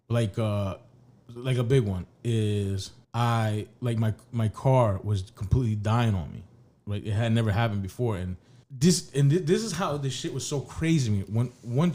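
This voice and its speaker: A man's voice: fairly low pitch, dark tone. A man co-hosting a podcast, telling a long story in casual chat, rambling and swearing, with many restarts. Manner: rambling, profane, restarts often. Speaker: podcast co-host.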